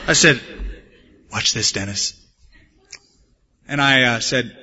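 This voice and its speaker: Male pastor from the States, sermon delivery, earnest with touches of humor, sharp ringing tone, muffled recording with long reverb. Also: mid-range voice, slow, pauses often, husky. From United States. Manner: earnest preaching mixed with humorous personal stories. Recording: dull, echoey church hall recording.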